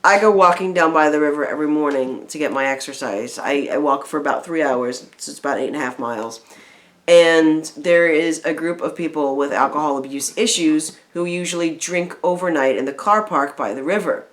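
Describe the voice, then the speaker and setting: A woman reviewing a film in casual chat, rambling and animated, with many restarts, at home. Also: sits low, fairly quick. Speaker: video reviewer. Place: home room with a film playing on the TV.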